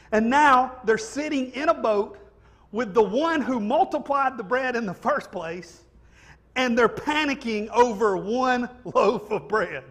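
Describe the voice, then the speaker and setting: A man's voice: extremely high pitch, a bit bright. A man preaching a sermon in a church, conversational and jokey, checking in with "right?" as he goes. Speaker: pastor. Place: church sanctuary.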